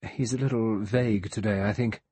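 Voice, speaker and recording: A man voicing a nervous young woman in an audiobook, speaking quickly and hesitantly. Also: fairly low pitch, steady tone, dark tone, breathy edge, no room sound. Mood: hurried.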